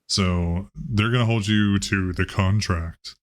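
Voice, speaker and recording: Casual low-voiced male game master. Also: steady tone, slow. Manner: casual and loose, with swearing. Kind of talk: running a tabletop game.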